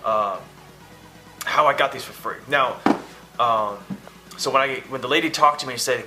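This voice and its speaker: Over music, a vlogger with a mid-range voice tells a rambling story to camera at a moderate pace, pausing often. He keeps acting out the phone conversation he's describing, quoting the dialogue casually.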